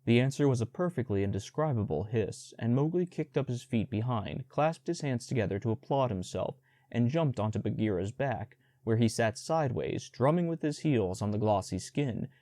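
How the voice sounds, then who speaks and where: A man narrating a storybook audiobook in a measured, even storytelling manner. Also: medium pitch, no echo, studio quality.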